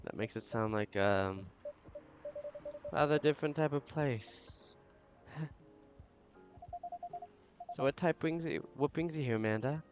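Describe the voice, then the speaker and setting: A man's voice: medium pitch, takes it slowly, long pauses, music in the background. A man hosting a let's-play, reading a visual-novel game aloud in a playful way and goofing around between lines.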